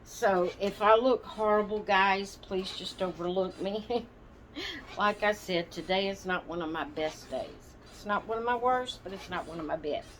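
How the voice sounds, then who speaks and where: This doll-channel host speaks at a medium pitch with a fairly bright tone, chatting with her viewers from a rocking chair at home. Her talk is slow and meandering, full of apologies and pauses while she searches for the right word. There's a slight hiss or hum.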